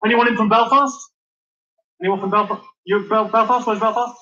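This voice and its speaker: Brash high-voiced male stand-up comic. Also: steady tone, fairly quick. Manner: brash, crowd-working, swears freely. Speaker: stand-up comedian. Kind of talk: stand-up comedy set. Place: comedy venue with audience. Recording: muffled live recording with loud noise.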